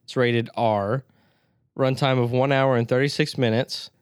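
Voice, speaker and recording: Laid-back man with a smooth voice. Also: medium pitch, steady tone, unhurried, no echo, clean studio sound. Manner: laid-back, swears casually, laughs easily. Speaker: podcast co-host. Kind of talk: casual chat.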